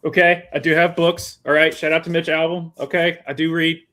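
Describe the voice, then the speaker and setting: A man's voice: on the high side, little pitch movement, fairly quick, pushed and bright. Man, book club co-host, casual rambling chat, jokey. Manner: rambling, many restarts and fillers, joking.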